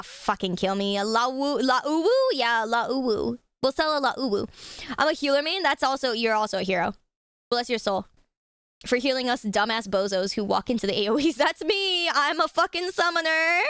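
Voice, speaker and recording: A young woman chats loosely with her stream, swearing offhand and giggling between remarks. Her voice is high and smooth, and the sound is dry and close to the mic. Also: normal speed, fairly bright tone, dry recording. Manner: chatty, swears casually, giggles. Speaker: livestreamer. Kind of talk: casual reaction stream chat.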